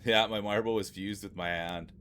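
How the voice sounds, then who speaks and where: A man chats away on a home live stream, greeting viewers by name in a friendly, rambling way and circling back to repeat himself. His voice sits fairly low. A faint hum of room ambience hangs behind him. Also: steady tone, normal speed, bright, forceful tone. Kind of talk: casual chat with live viewers.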